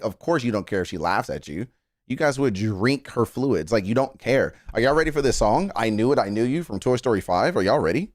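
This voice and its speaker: A man streaming a casual reaction, excitable and swearing freely, his voice leaping up when he gets worked up. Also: dry recording, clean studio sound. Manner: excitable, swears often, jumps high in pitch when worked up. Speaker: streamer reacting to music news. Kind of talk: casual live-stream chat.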